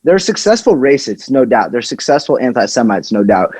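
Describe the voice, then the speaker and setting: A man's voice: medium pitch, sing-song, a little fast, darkish tone, husky, dry recording. A man co-hosting a podcast in casual chat, crude and joking, swearing freely. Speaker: podcast co-host.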